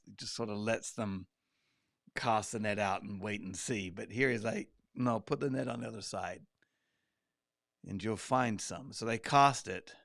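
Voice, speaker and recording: A man with a lowish, gravelly, creaky voice leads a relaxed, chatty Bible study. He grows animated, acting out quoted lines and slipping in asides. The sound is dry and close, without room echo.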